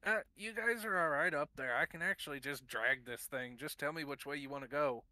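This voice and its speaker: A man's voice: on the high side, brisk, sharp tone, dry recording. A man playing in a tabletop game, easygoing and joking. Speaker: player. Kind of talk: casual tabletop play.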